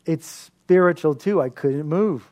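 A man preaching a sermon as a pastor, telling stories in an animated way and laughing often. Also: a little high, measured pace. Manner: animated storytelling with frequent laughter.

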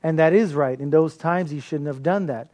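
Pastor, male, slightly high voice, animated sermon delivery with lots of laughter. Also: moderate pace. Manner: animated storytelling with frequent laughter.

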